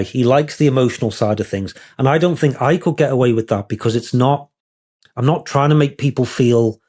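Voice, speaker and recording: A man's voice: medium pitch, mellow. A man, a wedding photographer being interviewed, talking in a rambling, candid, self-deprecating way.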